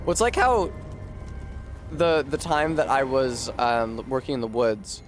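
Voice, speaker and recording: A man's voice: mid-range voice, unhurried, soft background music. A man streaming a video game, chatting casually with viewers in a rambling, profane way. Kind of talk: casual chat while gaming.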